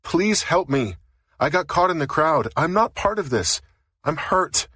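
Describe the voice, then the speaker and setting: A man's voice: fairly high pitch, lively intonation, a little slow, pushed and bright, husky, no echo, studio quality, pitched above the performer's own voice, full character voice. A man voicing a frightened, injured young woman who pleads urgently for help in an audiobook. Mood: pleading.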